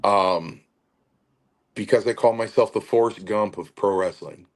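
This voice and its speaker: A man's voice: fairly low pitch, measured pace. A man telling stories in casual chat as a guest, acting out quotes with animation. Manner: animated storyteller, acts out quotes. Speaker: wrestling podcast guest.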